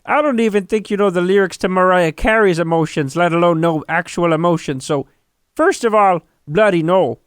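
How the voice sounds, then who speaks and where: A man's voice: sits high, moderate pace, clear, resonant tone, no echo, clean studio sound, natural voice. A man voicing an intense, tearful male psychologist who lectures earnestly and swears mildly. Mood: lecturing. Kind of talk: comedic impression.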